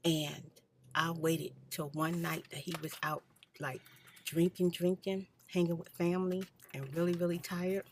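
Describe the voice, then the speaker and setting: A woman hosting an ASMR channel, telling her personal story in a soft-spoken, candid, blunt way and sometimes dropping to a whisper. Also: on the low side, level tone, unhurried, a little hiss or hum.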